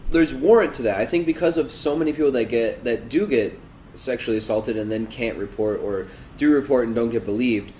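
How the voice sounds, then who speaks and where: A man in relaxed podcast chat, circling his point with halting restarts and fillers. His voice sits at an ordinary middle pitch. The room rings audibly, with a faint hiss behind him. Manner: hesitant, many restarts and fillers. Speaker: podcast co-host. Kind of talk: casual political chat. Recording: echoey room with faint noise.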